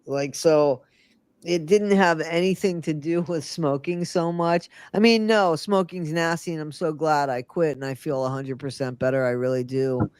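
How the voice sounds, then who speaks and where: A woman's voice: deep voice, normal speed, a little mellow, clear, resonant tone, dry recording. An older woman co-hosting a casual livestream chat, sleepy after working nights and rambling as she talks. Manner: rambling, trails off, repeats herself. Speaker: co-host of a livestream chat show.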